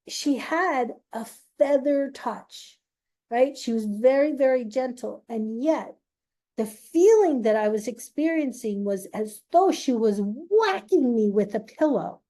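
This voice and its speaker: Slow, mellow-voiced woman telling her story. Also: fairly high pitch. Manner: slow, halting, with long pauses and emphasis. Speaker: speaker sharing a personal story. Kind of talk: emotional personal storytelling.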